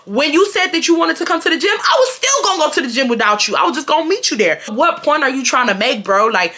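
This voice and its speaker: A woman's voice: high voice, big pitch swings, fast talker, bright, forceful tone. A young woman vlogger telling a storytime rant to camera, indignant and venting, with heavy slang and swearing.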